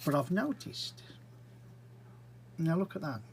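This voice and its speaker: A man's voice: fairly high pitch, very animated, slightly rough, low-quality recording. Chatty man narrating a brick build. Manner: chatty, rambling, unhurried, with frequent fillers. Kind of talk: casual build commentary.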